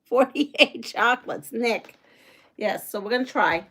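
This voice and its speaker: Brief: middle-aged woman, livestream host, bubbly and chatty, bright and fairly high voice. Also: measured pace, creaky. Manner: chatty, excitable, reads viewer comments aloud. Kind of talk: casual live chat while unboxing.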